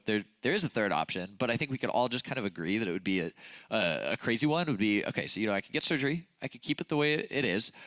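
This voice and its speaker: A young youth pastor with a nasal voice from a broken nose gives a casual, chatty sermon full of fillers and self-deprecating stories on a church youth service stage. His voice is lowish with a sharp tone, and there's no echo.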